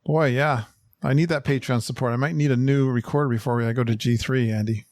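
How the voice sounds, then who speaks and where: A man's voice: mid-range voice, fairly even intonation, fast, a little mellow, dry recording, studio quality. A man hosting a podcast, chatting in an upbeat way and laughing often. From Connecticut, USA. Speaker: podcast host. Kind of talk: casual podcast chat.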